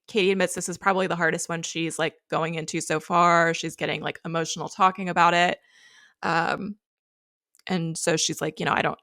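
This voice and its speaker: A woman co-hosting a podcast, recapping a reality show in casual, chatty storytelling. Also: mid-range voice. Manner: chatty, animated storytelling with acted quotes. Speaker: podcast co-host.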